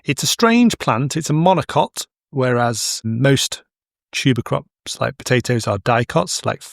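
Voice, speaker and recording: A man's voice: mid-range voice, vocal fry, no echo, clean studio sound. A middle-aged man hosting a casual educational podcast, chatty and digressive with anecdotes. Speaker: podcast host, horticulture expert.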